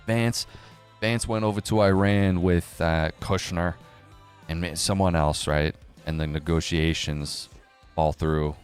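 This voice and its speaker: A young man hosting a crypto news live stream, rambling casually with sarcasm, swearing and quick jumps between topics. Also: a bass voice, steady tone, clear, resonant tone, soft background music.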